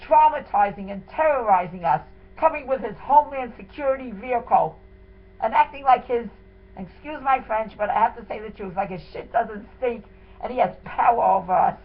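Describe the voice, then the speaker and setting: A wife tells her story in a voice on the high side, at normal speed. Her first-person account of what happened to her and her husband is emotional and indignant, delivered as a dramatic retelling. The recording has a tinny, phone-like sound and a faint hiss.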